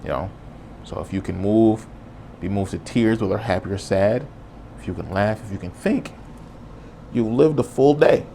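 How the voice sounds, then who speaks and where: A man's voice: fairly low pitch, moderate pace, vocal fry, long pauses, dark tone, slight background noise. A man hosting a podcast, talking on his own in an earnest, casual and reflective way. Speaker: podcast host. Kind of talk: solo podcast monologue.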